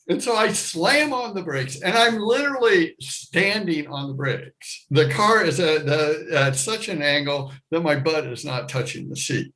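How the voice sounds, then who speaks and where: A middle-aged American man telling a personal story to a live audience, animated, jumping into loud high voices for the people in it. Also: measured pace, few pauses, poor audio. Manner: animated, acts out his younger self and others with loud high shouts.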